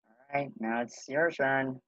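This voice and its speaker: A man's voice: mid-range voice, measured pace, pushed and bright, dry recording. Laid-back young man on a dull lo-fi mic. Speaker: podcast co-host. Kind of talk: casual banter.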